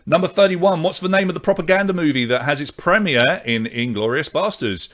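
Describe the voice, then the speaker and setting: A man hosting an online pub quiz, reading out questions, answer options and scores in a brisk, chatty way. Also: on the high side, expressive, a bit bright. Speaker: quiz host.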